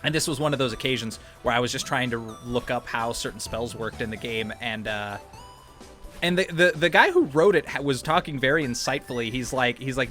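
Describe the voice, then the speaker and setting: Brief: male co-host, mid pitch, loose rambling game chat, light music under. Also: expressive, a little fast, fairly bright tone. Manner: rambling, swears, laughs often. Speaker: podcast co-host. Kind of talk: casual chat while watching gameplay.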